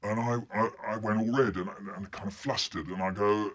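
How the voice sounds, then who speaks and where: A man telling a childhood story to listeners, animated and acting out each scene. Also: lowish voice, fairly quick, few pauses. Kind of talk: storytelling performance.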